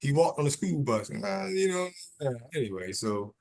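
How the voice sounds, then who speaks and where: A man co-hosting a casual chat in a relaxed, laid-back way. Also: on the high side, normal speed, gravelly. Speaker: podcast co-host.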